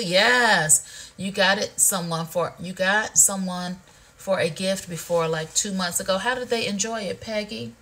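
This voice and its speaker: A talkative woman runs a live product demo, easygoing and playful with her viewers. Her pitch sits in a middling range for a woman, and she keeps calling her audience "y'all" and "honey" as she chats. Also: a bit bright. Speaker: livestream shopping host. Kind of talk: casual product demo chat.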